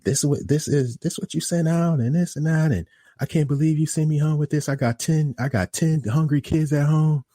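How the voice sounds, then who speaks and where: A man voicing an irate woman customer who scolds and demands in a shrill, indignant tone. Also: brisk, mellow, no room sound, studio quality, lightly acted. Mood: scolding.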